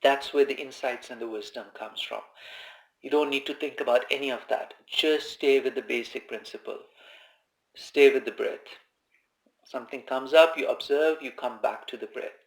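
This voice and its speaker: A man giving informal spoken meditation instruction, calm and conversational, who repeats his key phrases. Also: medium pitch, moderate pace, vocal fry. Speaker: meditation teacher. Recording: echoey room.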